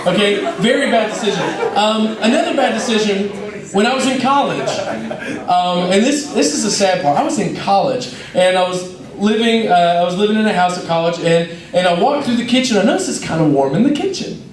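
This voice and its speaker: A young man, a youth minister telling lively, self-mocking stories to a youth service. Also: high-pitched, fairly quick, crowd noise. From North Georgia, USA. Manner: lively, self-mocking storyteller who acts out scenes. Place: church hall. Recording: roomy hall, mic at a distance.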